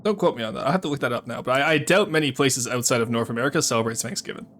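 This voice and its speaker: A man's voice: medium pitch, racing, fairly bright tone, soft background music. A man streaming a game, chatting in rambling rants full of restarts. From Canada. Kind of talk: casual live gameplay chat.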